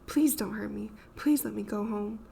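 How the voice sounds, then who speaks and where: A woman voicing a terrified ghost child who screams and sobs pleas in the dark. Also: medium pitch, moderate pace, creaky, a little hiss or hum. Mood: terrified shrieking.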